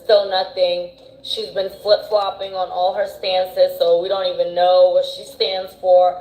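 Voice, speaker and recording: A woman's voice: lowish voice, little pitch movement, unhurried, a little mellow. A woman giving casual political commentary in a dismissive, exasperated way. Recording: echoey room.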